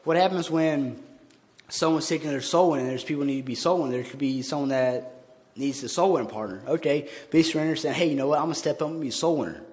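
A man with a fairly high, darkish voice speaks quickly, delivering an earnest, informal sermon as a lay church member standing in for his pastor. He talks conversationally and often restarts his words. It was recorded in a church sanctuary with long church-hall reverb.

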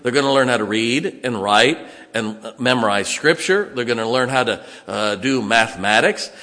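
An older man preaches from the pulpit in a folksy, plain-spoken way, mixing stories with questions to the congregation. His voice sits at a middle pitch and carries a long reverb from the church hall around him. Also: expressive, moderate pace, pushed and bright. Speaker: pastor. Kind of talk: sermon. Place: church sanctuary.

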